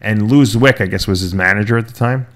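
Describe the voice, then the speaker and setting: A man with a lower-pitched, slightly bright voice hosts a casual podcast talk and retells a long story. He talks fast, rambles, restarts himself and slips into quoting lines from the people involved.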